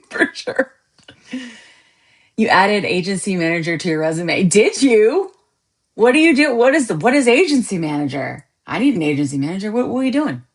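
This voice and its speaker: A woman podcast host chatting casually with viewers on a live stream, joking and laughing often. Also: lowish voice. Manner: animated, laughs often, jokey asides.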